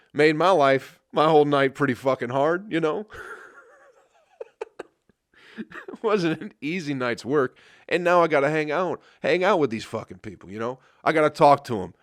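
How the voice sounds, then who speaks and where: A man's voice: mid-range voice, a bit bright, no room sound, clean studio sound. A man who is a comedian, telling rambling, profane stories on his podcast and laughing at them. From Flint, Michigan. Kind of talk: casual storytelling monologue.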